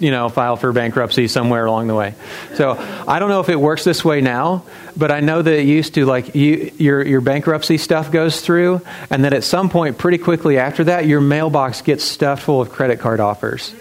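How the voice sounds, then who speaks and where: A man's voice: medium pitch, poor audio. Man preaching in a chatty, storytelling way. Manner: conversational storytelling with emphatic repetition; frequent fillers and restarts. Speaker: pastor. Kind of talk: sermon.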